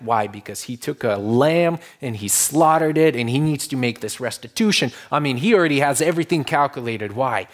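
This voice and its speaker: A male pastor delivers a sermon in an easy, conversational teaching manner, mid-pitched. He leans on rhetorical questions and sinks to a hushed, low voice when quoting. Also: a little fast.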